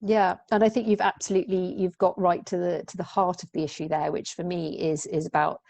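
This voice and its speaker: A woman's voice: fairly low pitch, level tone, a little fast, creaky, darkish tone, no room sound. A woman hosting a casual interview over a video call, chatty and rambling with many restarts.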